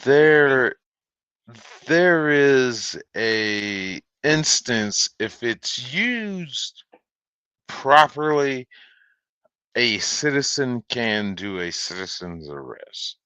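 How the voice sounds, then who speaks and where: A man casually reacting to a video with a co-host, profane and slow, laughing often. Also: medium pitch, lively intonation, sharp tone, smooth, no echo.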